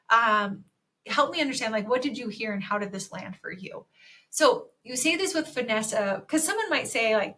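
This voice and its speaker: Woman podcast host, bright voice, a little high, chatty and energetic coaching. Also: fairly quick. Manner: energetic, chatty, acts out sample dialogue. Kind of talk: solo podcast teaching talk.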